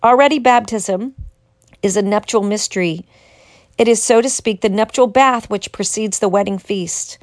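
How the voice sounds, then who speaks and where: A woman reading scripture and adding her own devotional commentary, in a slow, measured way that lifts for the quoted lines. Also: medium pitch, no echo, studio quality.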